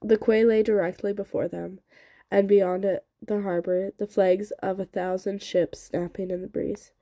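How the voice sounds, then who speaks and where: A woman reading a novel aloud with steady, expressive narration. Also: mid-range voice, normal speed, no room sound. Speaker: audiobook reader.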